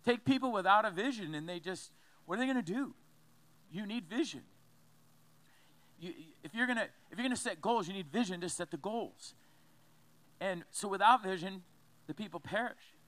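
A man's voice: high voice, normal speed, long pauses, fairly bright tone, dry recording. Emphatic male pastor preaching. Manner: emphatic preaching with repetitions and restarts. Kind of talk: sermon. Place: church.

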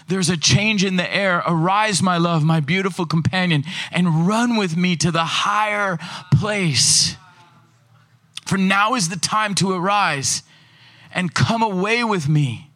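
A male preacher giving an animated sermon, reading scripture aloud and acting out little voices, sometimes rushing and sometimes slowing right down. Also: sits high. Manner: animated, fast and slow in turns, acts out voices.

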